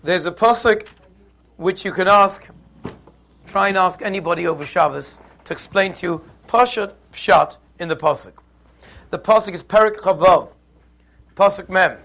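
A man teaching a Torah class, lively and conversational, who acts out little scenes in voices. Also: high-pitched, moderate pace, vocal fry. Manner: animated, acts out the quarrel in put-on voices.

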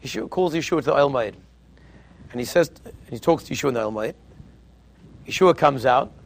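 A man giving a Torah lecture as a teacher, an emphatic and animated storyteller. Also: mid-range voice, brisk, vocal fry.

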